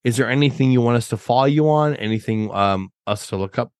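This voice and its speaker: A man's voice: mid-range voice, quick pace, darkish tone, clean tone, no echo, clean studio sound. A young man hosting a podcast in casual chat, blunt and swearing freely. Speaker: podcast host.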